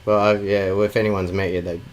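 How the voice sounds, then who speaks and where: Australian guy co-host, casual rambling storyteller who teases, lowish pitch. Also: flat delivery, fairly quick, rough recording. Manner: rambling, teasing, many fillers. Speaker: podcast co-host. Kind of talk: casual chat.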